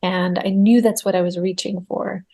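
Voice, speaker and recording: A woman with a mid-range voice tells a personal spiritual story in a podcast interview. She sounds earnest and reflective. When she recalls her fear she rises into animated bursts. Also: medium pitch, normal speed, gravelly. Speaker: guest medium.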